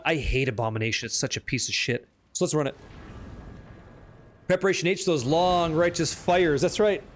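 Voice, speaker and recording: A man streaming a game live, chatting with viewers in an excitable, casual way and swearing freely. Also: a little high. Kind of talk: live gameplay commentary.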